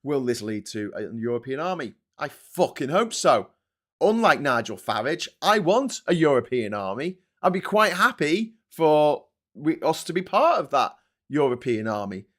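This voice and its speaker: A man in his forties with a Scouse accent rants on a casual live stream. He swears freely and gets fired up as he goes, and his voice sits a little high for a man. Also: sing-song, moderate pace, a bit bright. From Liverpool, England. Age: 40s. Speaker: host.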